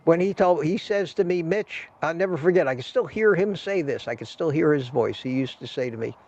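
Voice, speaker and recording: A man's voice: a little high, expressive, fairly quick, darkish tone. An older man hosting a casual livestream, talking to viewers in a chatty, rambling way with a salesman's patter. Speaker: livestream host. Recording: dull lo-fi stream audio.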